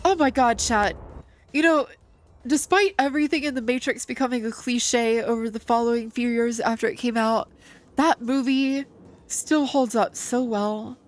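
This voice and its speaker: A woman's voice: fairly high pitch, normal speed. A woman streamer chatting casually and playfully while playing a game.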